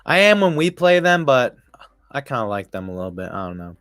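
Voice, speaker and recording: A sports streamer gives casual live baseball commentary, rambling, swearing often, and laughing as he goes. His medium-pitched voice swings widely in pitch, runs a little fast, and sounds a bit bright in a dry recording.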